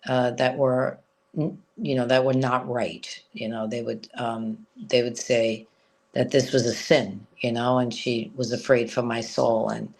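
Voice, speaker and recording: A woman's voice: rumbling low, little pitch movement, unhurried. Frank woman telling a personal story. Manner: frank, rambling, lots of "you know". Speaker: interview guest.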